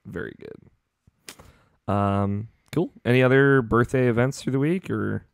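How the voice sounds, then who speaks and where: A man hosting a podcast, chatting in a relaxed, agreeable way about a movie. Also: medium pitch, normal speed, vocal fry, clear, resonant tone, dry recording, clean studio sound. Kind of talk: casual chat.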